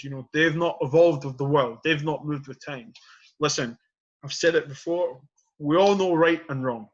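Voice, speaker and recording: On a muffled recording, a podcast host with a voice on the high side argues his point passionately, leaning heavily on "you know" and "period" in a casual but heated debate.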